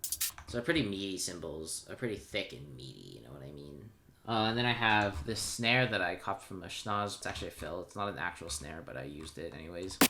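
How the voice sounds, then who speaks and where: A man's voice: sits low, lively intonation, fairly quick, slight background noise. A man explaining how he made his own song in a casual tutorial, offhand and self-deprecating, pointing things out as he goes. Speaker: music producer explaining his track. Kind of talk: casual screen-recorded tutorial. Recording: music playing loudly under the voice. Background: his own track playing, keyboard typing.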